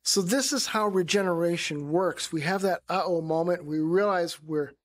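High-voiced man teaching a Bible sermon. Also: normal speed. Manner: conversational, acts out quoted voices.

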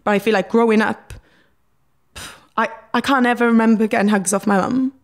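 A woman's voice: fairly high pitch, steady tone, brisk. A young woman with a Welsh accent, a reality TV guest talking openly in a podcast interview, emotional and swearing freely.

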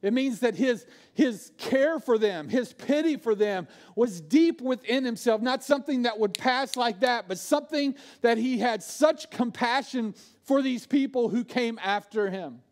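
Guy preaching, really high voice, goes from big loud bits to quiet hushed stuff. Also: unhurried, few pauses. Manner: animated preaching, swings from loud bursts to hushed, low asides. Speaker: pastor. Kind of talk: sermon.

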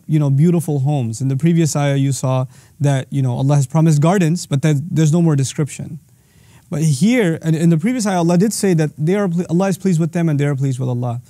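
A man's voice: on the high side, mellow, no room sound, studio quality. A man teaching a religious lesson, quoting verses in Arabic and then explaining them patiently. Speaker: Islamic teacher.

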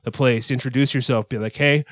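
A man co-hosting a comedy podcast, talking in a mock-earnest, halting way with many restarts. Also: mid-range voice, no echo. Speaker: podcast co-host. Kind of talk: deadpan comedic podcast banter.

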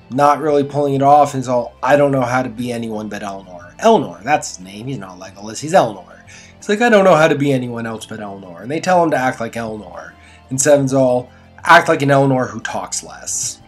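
A man talks through a TV episode in a loose, rambling review, pitched at an ordinary middle height for a man. He drops dry, sarcastic jabs between plot points. Faint music sits quietly behind his voice. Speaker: show reviewer. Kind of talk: casual spoken review.

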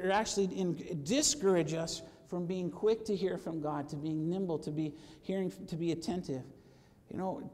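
A man preaching a sermon to his congregation, lively and conversational, calling for amens and acting out quoted voices. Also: high voice, big-room sound. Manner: animated, acts out quoted voices, asks for amens. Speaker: pastor. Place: church sanctuary.

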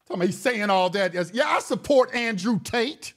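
A man's voice: high-pitched, animated, normal speed. A male talk show host delivering a heated, profane monologue, repeating words and restarting his sentences as he gets worked up.

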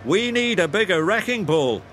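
A man's voice: high-pitched, a little fast, a bit bright, slight background noise, pitched above the performer's own voice. A man voicing a bossy male work foreman in a storybook reading, with music behind. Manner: bossy, calling out.

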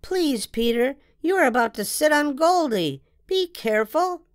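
A woman voicing an excitable little girl with a big imagination, reading with a theatrical, sing-song manner. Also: sits high, a little slow, no echo, studio quality, voice pushed up, heavily acted. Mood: playful.

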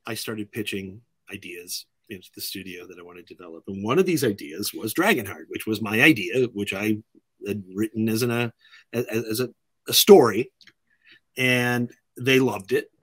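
A middle-aged man, a filmmaker guest, telling anecdotes in an animated way and acting out other people's lines. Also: on the low side, moderate pace, dry recording. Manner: acts out other people's lines in lively voices.

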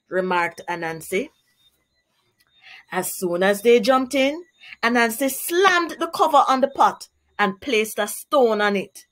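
A woman teacher reading a storybook aloud to young children in a slow, expressive way. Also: fairly high pitch.

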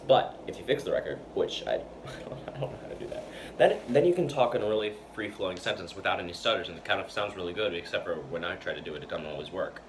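A man's voice: deep voice, animated, fast. A man vlogging in a loose, rambling way, stuttering and repeating words, with plenty of fillers and restarts. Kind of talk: casual rambling talk to camera. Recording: noisy background hiss.

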